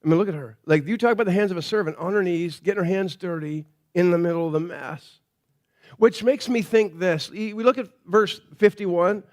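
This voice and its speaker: A man with a high-pitched voice preaches in church, talking through a personal story as if chatting with friends. He often stops, restarts and repeats small words before getting a sentence out. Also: a little fast. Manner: conversational storytelling with frequent restarts. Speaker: pastor. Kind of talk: sermon.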